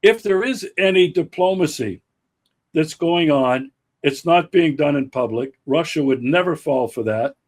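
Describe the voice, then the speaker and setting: Slow, emphatic male political host. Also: on the high side, expressive. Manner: slow, emphatic, many restarts and fillers. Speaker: podcast host. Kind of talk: political commentary chat.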